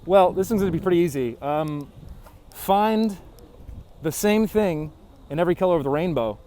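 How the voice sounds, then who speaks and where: Filming himself on a handheld camera outdoors at a resort cable-car station, a race competitor keeps up loud, jokey showman patter. His voice is a little high and expressive, his pace moderate, with soft music in the background.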